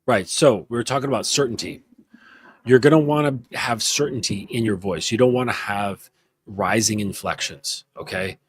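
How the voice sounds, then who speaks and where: Blunt, slow-talking male coach over music. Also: on the low side, slightly rough, no room sound. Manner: slow, deliberate, blunt with casual swearing. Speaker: men's coach. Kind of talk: livestream coaching talk.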